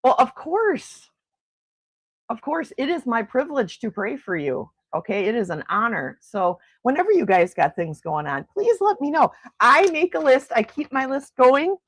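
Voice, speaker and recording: A woman livestreaming from her snowy Milwaukee home on a casual morning greets viewers and reacts to comments with frequent exclamations. Her sing-song voice, with a breathy edge and wide pitch swings, moves at normal speed and comes through a desk mic dry and close, with no echo.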